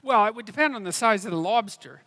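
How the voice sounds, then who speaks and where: A man from Canada answering audience questions on stage, halting and restarting phrases, with dry humor. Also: sits high, expressive, pushed and bright. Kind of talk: live Q&A on stage. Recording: live hall with long reverb.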